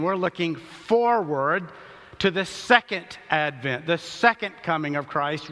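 Pastor preaching in a reverberant hall. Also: male voice, high voice, pushed and bright. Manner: earnest preaching with slow emphatic scripture reading. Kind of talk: sermon. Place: church sanctuary. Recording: long reverb of a large hall.

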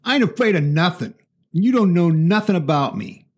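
A man voicing a hostile, defiant large teenage boy who talks tough and scornful, in a fairly high voice. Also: lively intonation, moderate pace, darkish tone, husky. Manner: scornful, tough street talk.

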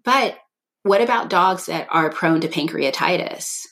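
A woman's voice: low-pitched, measured pace, gravelly, a bit bright. A woman co-hosting a podcast, chatting casually and thinking aloud in long, rambling sentences. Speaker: podcast co-host. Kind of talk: casual chat.

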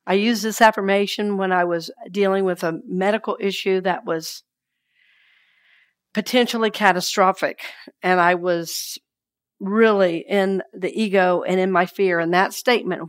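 Woman minister leading a gentle sermon. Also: mid-range voice, normal speed. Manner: leads the congregation in call-and-response affirmations; soft and hushed when reading scripture and affirmations.

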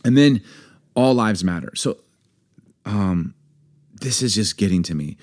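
A man's voice: fairly low pitch, animated, measured pace, a little mellow. A man in his forties co-hosting a podcast, talking candidly and emphatically, building up heat as he argues his point. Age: 40s. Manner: impassioned, emphatic, builds to anger. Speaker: podcast co-host. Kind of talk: candid conversation.

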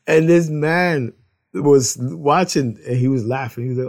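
A man's voice: fairly high pitch, a little slow, darkish tone. A man casually sharing a personal faith testimony, rambling, repeating words and laughing as he tells it.

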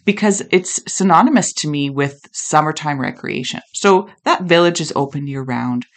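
A woman's voice: sits low, moderate pace. A woman co-hosting a podcast in casual chat, playful and enthusiastic, teasing her co-host.

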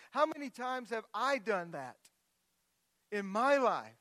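A middle-aged man preaching a sermon as a pastor, moving from quiet scripture reading into loud, impassioned outbursts. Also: extremely high pitch, very animated, slow pace, long pauses, dry recording.

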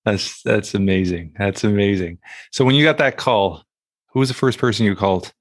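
A man's voice: on the low side, moderate pace, no echo, studio quality. A man interviewing a guest, asking follow-up questions and laughing often. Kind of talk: casual interview.

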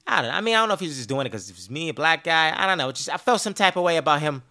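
A man with a fairly high voice talks rapid-fire as a podcast host, launching into a casual, profane, exasperated rant. He tells stories in an animated way, full of swearing and petty complaints.

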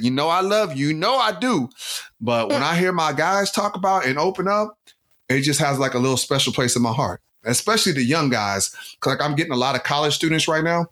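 A man's voice: mid-range voice, fairly bright tone. A man who co-hosts a podcast and works as a life coach, talking earnestly and from the heart in a casual chat, with lots of filler words.

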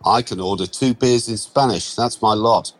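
A man's voice: lowish voice, moderate pace, pitched above the performer's own voice, close to an everyday voice. A man voices a chatty British man with an easy, persuasive charm. He talks breezily and sounds friendly on the surface.

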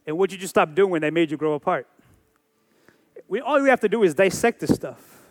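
High-voiced man in his forties preaching. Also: animated, brisk. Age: 40s. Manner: emphatic preaching with repeated phrases and rhetorical questions. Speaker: pastor. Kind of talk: sermon.

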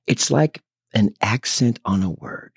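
A man with a low, husky voice talks through a casual Bible study with a co-host. He tells church anecdotes in an earnest, animated way. The recording is dry and close, with no room sound. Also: measured pace, no echo.

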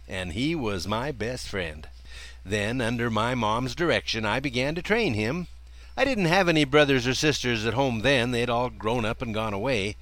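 Older guy spinning a folksy yarn, chuckles a lot, voice bounces up and down, dry close mic. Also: no echo. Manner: folksy, chuckling often, lively swings in pitch. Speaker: storyteller. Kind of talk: personal story narration.

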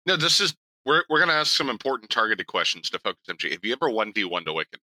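A man co-hosting a podcast in casual chat. He tells stories in an animated, profane way. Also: on the low side, racing, low-quality recording. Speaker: podcast co-host.

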